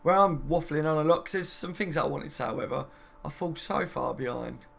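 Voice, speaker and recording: A man's voice: fairly high pitch, brisk, vocal fry, fairly bright tone, soft background music. A man chatting casually on a live stream, rambling and reading viewer comments aloud, saying "mate" and "you know what I mean" often. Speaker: football fan streamer.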